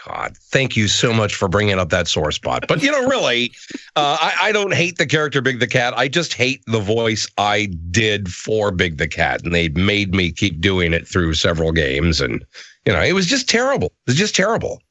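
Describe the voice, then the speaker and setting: As a guest on a casual interview, a middle-aged voice actor tells stories in an animated, self-deprecating way. His voice is lowish and moderately paced, and the recording is dry.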